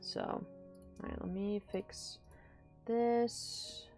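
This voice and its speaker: A young woman streaming from home, chatting casually to her viewers and often trailing off into low mumbled asides. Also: lively intonation, slow pace, vocal fry, faint music behind. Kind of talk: casual live-stream chat.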